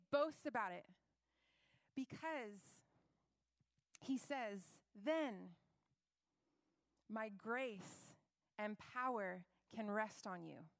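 Young woman preaching, chatty and earnest, kinda high voice, dry close sound. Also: no room sound. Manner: conversational, earnest, acts out quoted voices. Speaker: Christian speaker. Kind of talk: sermon.

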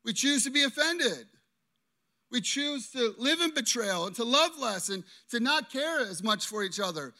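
A man preaching an interactive sermon, animated and constantly checking in with his listeners. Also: extremely high pitch, moderate pace. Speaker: pastor.

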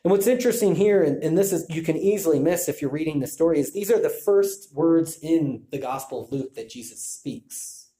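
Male Bible teacher, mellow tone, restarts often, roomy echo. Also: a little high, animated, fairly quick, few pauses. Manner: thinking aloud with restarts. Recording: echoey room.

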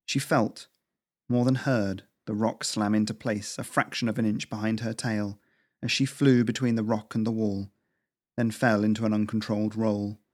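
A man reading an animal adventure story aloud as an audiobook narrator, in a steady, measured way. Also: lowish voice.

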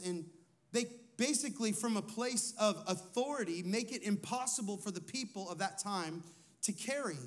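Here a lead pastor preaches with a high-pitched voice. His sermon has a conversational feel, full of questions for the audience and personal anecdotes.

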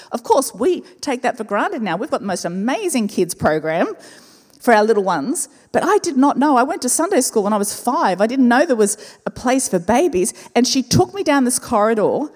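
A woman, a pastor telling a personal story in a sermon, expressive and slowing down to repeat key words. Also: on the high side. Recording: reverberant church hall with faint music.

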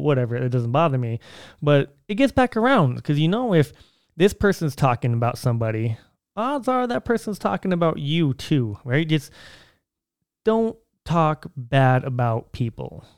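A young man musing aloud on his podcast in a loose, meandering way, full of "uh" and restarts. His voice is smooth and resonant, and it sits dry and close to the mic. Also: medium pitch, a little mellow, no echo. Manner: rambling, conversational, many fillers and restarts. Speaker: podcast host. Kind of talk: casual solo podcast monologue.

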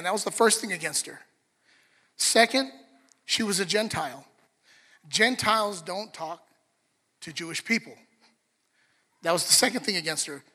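A man preaching a sermon, animated, acting out the story in different voices. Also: high-pitched. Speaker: pastor. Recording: long reverb of a large hall.

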